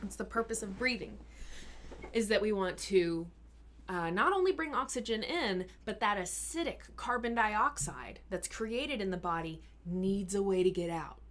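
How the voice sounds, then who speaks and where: Earnest woman health coach. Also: mid-range voice. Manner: earnest and encouraging, explains step by step; sometimes drops to a slow, soft voice to model calm speaking. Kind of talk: live Q&A advice talk.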